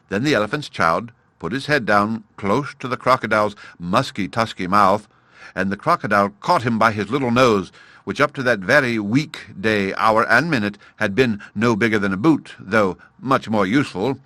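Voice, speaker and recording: Man reading a kids storybook, low voice but bright, dry close sound. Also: normal speed, dry recording. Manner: storytelling, addresses listener fondly. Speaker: audiobook narrator. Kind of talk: scripted storybook narration.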